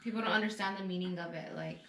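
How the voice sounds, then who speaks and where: A woman chatting casually on a vlog, making her points plainly and repeating them. Her voice sits somewhat low. The room is echoey, with faint background hiss. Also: fairly even intonation, fast, pushed and bright. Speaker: vlog co-host. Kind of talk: casual chat.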